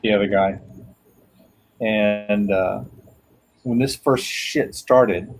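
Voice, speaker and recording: A man's voice: fairly low pitch, takes it slowly, pauses often, a little hiss or hum, poor audio. A middle-aged man in casual chat, rambling through profane stories with lots of laughter.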